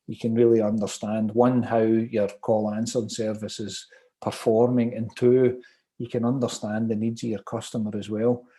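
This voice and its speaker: A man from Glasgow with a strong Glaswegian accent runs an online property training session, chatty and upbeat, and reads out viewer comments. His voice is mid-range and warm.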